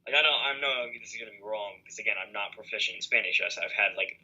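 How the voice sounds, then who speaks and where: A young man chats loosely on a podcast over a video call, rambling through fillers and restarts. His voice is very bright and a little husky, and the call audio sounds dull and lo-fi. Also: lowish voice, quick pace. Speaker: podcast co-host. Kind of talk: casual chat.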